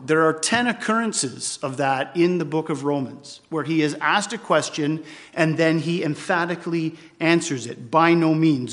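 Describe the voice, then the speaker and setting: A man's voice: a little high, a bit bright. A man preaching a sermon to his congregation, explaining scripture earnestly with emphatic repetition.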